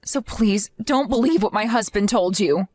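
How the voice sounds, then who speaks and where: A woman's voice: medium pitch, normal speed, darkish tone, dry recording, close to an everyday voice. Exhausted young mother voiced by a woman, pleading and apologetic, dry close sound. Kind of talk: scripted story acting.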